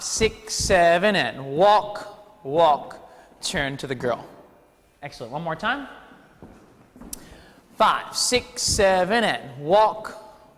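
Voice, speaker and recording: Lively male dance teacher counting steps. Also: a little high, long reverb tail. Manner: energetic, counts steps aloud, playful asides. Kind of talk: teaching a ballroom dance class. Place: dance studio hall.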